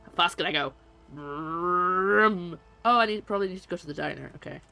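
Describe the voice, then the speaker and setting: A woman streaming a game, chatting away to her viewers and teasing herself as she plays. Her voice sits low, with soft game music under it. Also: animated, racing, gravelly. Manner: chatty, self-mocking, talks to chat while playing. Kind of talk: casual let's-play commentary. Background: faint game music.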